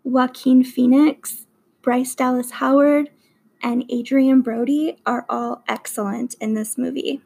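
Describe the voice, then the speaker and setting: A young woman vlogger counts down her favorite movies slowly and deliberately, her high voice steady, darkish, and touched with vocal fry. She's earnest and enthusiastic, piling on emphatic superlatives. The recording is low quality.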